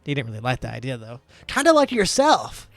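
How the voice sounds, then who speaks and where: A man's voice: mid-range voice, huge pitch swings, a little fast, vocal fry, no room sound, soft background music. A man voicing a panicky, goofy male necromancer spirit who whines and rambles in a tabletop game. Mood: chatty. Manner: giddy, whiny, rambling.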